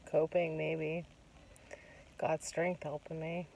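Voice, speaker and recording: A woman's voice: sits low, flat delivery, drawn-out words, warm tone. A woman talking casually, retelling a job interview with many quoted asides and personal reflections. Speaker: vlogger. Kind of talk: casual storytelling monologue. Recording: distant mic with faint background noise.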